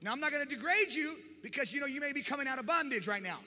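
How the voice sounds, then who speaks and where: A male pastor preaching a lively sermon to his church, often shouting and acting out scenes from the Bible. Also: very high-pitched, rapid-fire. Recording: reverberant church hall.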